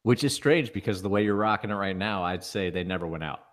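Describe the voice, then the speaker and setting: Low-voiced man with dry teasing humor. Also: quick pace. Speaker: podcast co-host. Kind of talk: casual chat.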